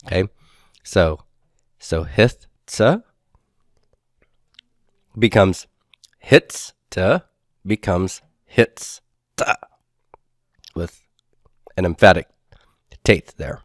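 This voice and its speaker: A Biblical Hebrew instructor with a voice that sits low explains grammar patiently, one step at a time, slowly sounding out and repeating words and frequently saying "okay" to check in. It's a dry, studio-quality lecture recording.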